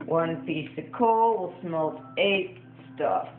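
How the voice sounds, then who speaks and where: A young man giving chatty, excitable commentary while playing a video game. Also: a little high, slow pace. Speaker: gameplay commentator. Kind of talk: casual let's-play commentary. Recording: tinny lo-fi roomy recording with music. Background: game music.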